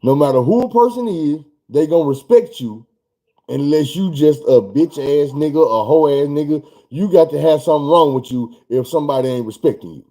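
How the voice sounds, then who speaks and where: A man telling a story in a casual vlog, animated and profane. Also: on the high side, brisk.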